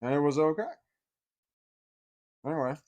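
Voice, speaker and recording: A man's voice: fairly high pitch, fairly even intonation, normal speed, a little mellow. A man telling a personal story in a casual, rambling way, full of fillers and repeating himself.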